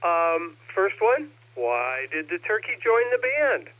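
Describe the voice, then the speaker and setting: A man checking in to an amateur radio net, telling jokes in a slow, folksy way. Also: sits high, sing-song. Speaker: net caller. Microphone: radio transceiver microphone. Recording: narrow radio transmission audio.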